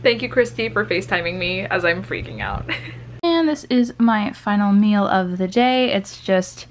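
A woman's voice: mid-range voice, very animated, normal speed, a little hiss or hum. A woman vlogging casually to camera, chatty and gushing, filling her talk with "like" and recorded on a compact camera's built-in mic. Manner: chatty and gushing, heavy use of "like".

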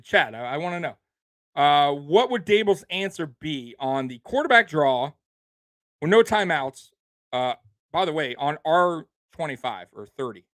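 A man's voice: high voice, fairly bright tone, no room sound. A man hosting a sports show, ranting in casual, heated, profane talk with bursts of incredulous laughter. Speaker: sports podcast host.

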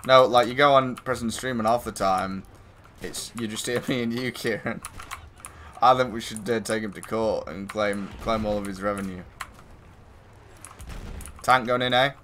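A man's voice: lowish voice, steady tone, normal speed, pauses often, fairly bright tone, a little hiss or hum. A man streaming a shooter game, chatting casually with a friend and teasing him with frequent swearing. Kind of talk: casual gaming chat.

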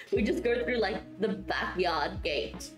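A chatty woman streamer talks to her viewers while building, giggling freely between thoughts. Her voice still sounds sleepy from waking up, yet her pitch swings up and down a lot. The room has a noticeable echo, with faint music playing underneath. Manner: giggly and chatty, reading out and answering chat. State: just woke up, voice not warmed up. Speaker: streamer building in a life-sim game. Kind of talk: casual live-stream chat with viewers.

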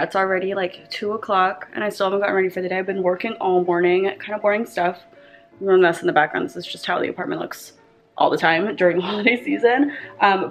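A woman's voice: on the low side, fairly bright tone. A young woman in her twenties chatting casually through a get-ready-with-me makeup vlog in her apartment, full of fillers. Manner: chatty, lots of fillers, talks while doing makeup. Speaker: beauty vlogger.

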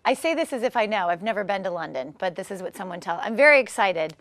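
A woman's voice: medium pitch, lively intonation, quick pace, fairly bright tone, no room sound. Woman in her thirties, bubbly, chatty, upbeat TV guest, dry close sound. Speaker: guest, former Olympic swimmer. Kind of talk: casual TV interview.

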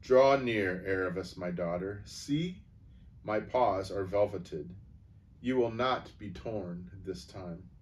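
A man voicing a great, wise, gentle male lion who speaks solemnly and in a measured way, in a storybook read-aloud. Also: low-pitched.

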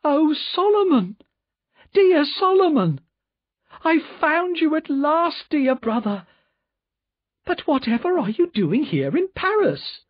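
A man putting on a shrill, excitable middle-aged woman. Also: slow, pauses often, no echo, heavily acted. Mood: overjoyed. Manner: crying out, high and shrill. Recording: dull lo-fi recording.

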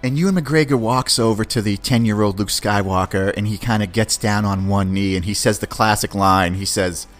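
A man hosting a podcast, casually and excitedly retelling and reviewing a series, swearing and acting out quotes. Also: on the low side, moderate pace, few pauses, soft background music. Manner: enthusiastic, acts out quotes, swears. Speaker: podcast host.

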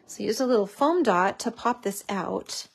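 A woman's voice: mid-range voice, expressive, unhurried, gravelly, slightly rough. A woman hosting a craft tutorial, chatting casually and gushing over how cute everything is as she works.

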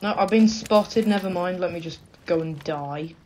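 A woman with a British accent giving excitable, self-mocking gameplay commentary. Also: on the low side, moderate pace, a little hiss or hum. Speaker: gaming channel host.

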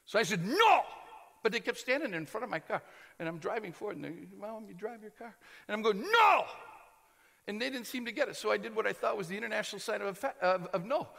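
An American man preaching, telling a comic story with shouts and laughter in an animated way. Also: high-pitched, very fast, creaky. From United States. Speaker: pastor. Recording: long hall reverb.

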